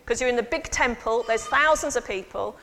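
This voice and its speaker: A woman priest giving a lively sermon and involving her congregation. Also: a little high, a little fast, slight background noise. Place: church. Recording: long church reverb.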